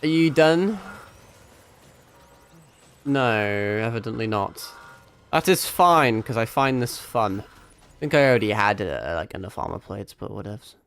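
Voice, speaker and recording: A man's voice: on the low side, lively intonation, measured pace, creaky, long pauses, smooth. A young man streaming a shooter game, rambling and swearing casually as he plays. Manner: sweary, rambling, self-mocking. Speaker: vtuber streamer. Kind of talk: casual gaming stream commentary.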